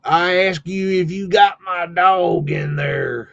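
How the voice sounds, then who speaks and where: A man voicing a gruff, blunt old male tobacco farmer who talks in a slow, threatening drawl. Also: high-pitched, a bit bright, dry recording, highs cut off, pitched above the performer's own voice, full character voice.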